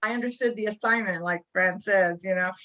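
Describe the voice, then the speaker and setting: A woman's voice: mid-range voice, brisk, pushed and bright. A woman in California joining a video call, telling a rambling personal story with many hesitations. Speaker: participant on a coaching call.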